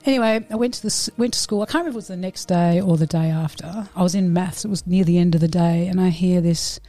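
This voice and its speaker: A woman chatting as a podcast guest and telling an animated story with plenty of laughter. Her voice has a warm, mellow tone. The recording is dry and close, with no room sound. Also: fairly low pitch, fast, no echo. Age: adult. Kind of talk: casual storytelling.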